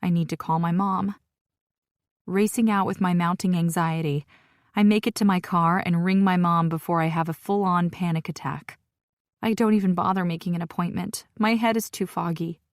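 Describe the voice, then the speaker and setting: A woman's voice: fairly low pitch, steady tone, normal speed, no room sound, studio quality. A woman narrating a romance audiobook in first person, telling the story in an intimate, inward way.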